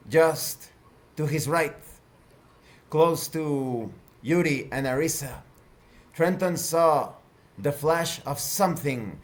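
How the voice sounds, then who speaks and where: A man narrating a tabletop game as game master, slow and deliberate. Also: fairly high pitch.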